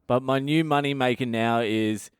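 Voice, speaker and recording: A middle-aged Australian comedian rants through his own stories, swearing freely and mocking himself. His voice sits at an ordinary male pitch and comes across smooth and clear. The sound is dry, with no room around it. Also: normal speed, no echo. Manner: profane, ranting, self-mocking. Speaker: comedian podcast host. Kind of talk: comic storytelling monologue.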